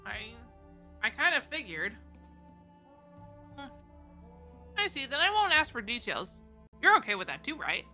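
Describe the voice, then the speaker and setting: A woman's voice: sits high, big pitch swings, measured pace, long pauses, sharp tone, lo-fi sound, faint music behind. A woman reading lines in a group stream, giggly and stumbling over words now and then. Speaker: voice reader on a stream.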